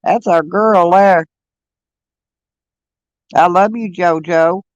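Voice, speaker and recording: Speaking very slowly and smoothly with fairly even intonation, a middle-aged man with a high, light voice rambles to his livestream audience, hopping from subject to subject. He laughs often and uses many fillers; the sound is dull, dry, close-miked and free of room echo.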